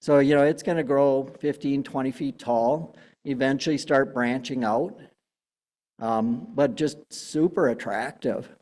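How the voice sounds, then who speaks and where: A man's voice: medium pitch, unhurried, darkish tone. A man giving a casual public talk on plants, chatty with many fillers and restarts. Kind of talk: public gardening talk with slides. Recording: long hall reverb.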